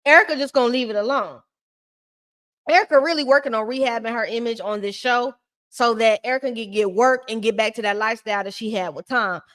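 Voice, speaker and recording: Sassy woman with a slightly high voice. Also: fairly quick, a bit bright. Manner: sassy, blunt, slangy. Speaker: reality TV recap commentator. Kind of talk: casual recap commentary.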